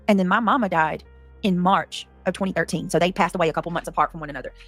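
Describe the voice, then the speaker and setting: Fast-talking woman rambling on a livestream. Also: on the low side, fairly bright tone, soft background music. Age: 30s. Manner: rambling, reacts to chat mid-story, cussing. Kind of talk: casual livestream chat.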